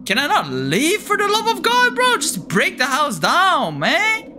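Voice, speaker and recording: A man with a high, bright voice that swings all over the place gives horror game commentary. He sounds jumpy and panicky, yet keeps joking and talking to himself as he plays. A faint background noise sits under the voice. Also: wildly swooping pitch, a little slow. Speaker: gaming streamer.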